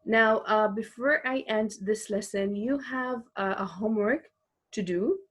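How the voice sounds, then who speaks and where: A woman teacher giving a recorded online English lesson, explaining patiently and slowly, repeating each example with frequent fillers. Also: mid-range voice, a bit bright.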